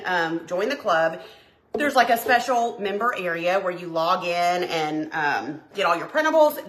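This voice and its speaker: A woman in her forties with a Southern Tennessee accent hosts a craft live stream, reading out viewer comments in casual chat. Her medium-pitched voice sounds pushed and bright, and she's chatty and folksy with plenty of filler words.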